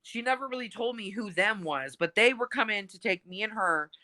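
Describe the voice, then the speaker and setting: A young woman in casual chat, telling animated stories and acting out what people said. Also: mid-range voice, moderate pace, no echo, poor audio. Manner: animated, acts out quotes. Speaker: podcast co-host.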